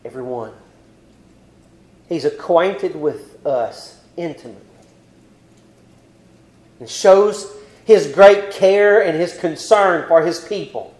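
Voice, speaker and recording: A male preacher giving a sermon. He recites King James scripture and moves between hushed, quiet passages and loud, pleading ones. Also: a little high, slow, long pauses, roomy sound, low-quality recording. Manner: swings from hushed near-whispers to loud impassioned pleading.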